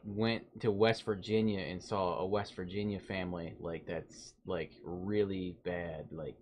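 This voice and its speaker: A man co-hosting a podcast in casual drunken chat, explaining things hesitantly and trailing off softly. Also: low-pitched, steady tone, a little slow, slight background noise. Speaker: podcast co-host.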